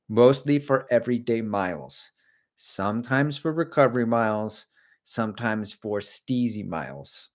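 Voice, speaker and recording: Middle-aged guy rambling on his livestream, easygoing running-coach chat, mid pitch. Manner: chatty, rambling, answers viewer comments. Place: home.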